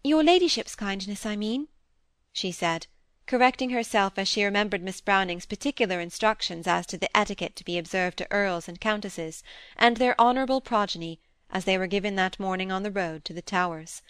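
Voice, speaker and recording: A woman reading a classic novel aloud in a measured, expressive narration, recorded close to the mic. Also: medium pitch, clear, resonant tone, no room sound. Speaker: audiobook narrator. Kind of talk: scripted narration.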